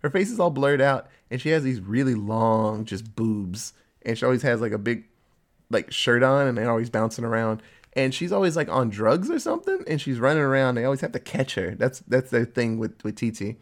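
A man casually recapping a TV episode with a co-host, telling it in an animated way and popping into quick voices for the characters. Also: medium pitch. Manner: animated storytelling with quick voice switches for quoted characters. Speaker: podcast co-host.

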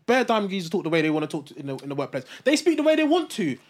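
A man's voice: sits high, very animated, very fast. A young man, co-hosting a casual podcast debate and pressing his points with repetition. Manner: emphatic, repeats himself when pressing a point. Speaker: podcast co-host.

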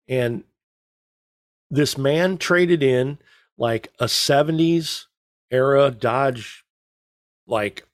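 A middle-aged man chats as a podcast co-host, drifting through long anecdotes and slipping deadpan jokes in. His voice sits at a middle pitch. The sound is dry and close to the mic. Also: drawn-out words, pauses often, no echo. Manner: rambling storyteller, joking deadpan. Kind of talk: casual chat.

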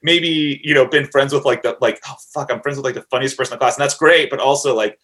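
A man's voice: mid-range voice, fast, fairly bright tone. A man in casual podcast conversation, talking hesitantly with frequent laughs. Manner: hesitant, many fillers and restarts, laughs often. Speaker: podcast co-host. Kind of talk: casual chat.

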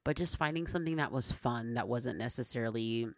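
A woman's voice: very deep voice, a little fast, a bit bright, no echo, studio quality. A woman hosting a casual advice podcast, chatty and rambling with lots of fillers, talking into her own microphone. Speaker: podcast host.

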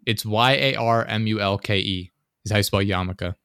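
A young man co-hosting a podcast, rambling casually and dropping deadpan jokes. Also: fairly low pitch, moderate pace, clear, resonant tone, no echo, studio quality. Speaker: podcast co-host. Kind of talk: casual chat.

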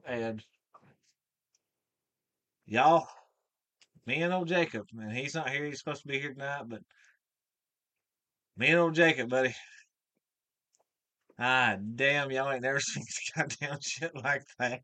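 Man, bright forceful tone, folksy profane storyteller, dry. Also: mid-range voice, measured pace, long pauses, no room sound. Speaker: mechanic guest. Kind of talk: casual storytelling chat.

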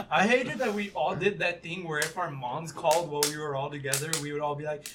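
A young man guesting on a podcast, griping in a lively way among friends. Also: a little high, a little fast, recorded from a distance. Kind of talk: casual chat. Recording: noisy background.

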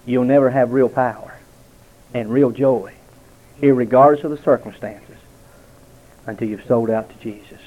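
A man giving a heartfelt spoken testimony to a gathering at a restaurant, telling stories with dramatic pauses. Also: medium pitch, fairly even intonation. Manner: earnest, storytelling with dramatic pauses. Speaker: lay speaker giving testimony. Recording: tinny, narrow-band lo-fi recording.

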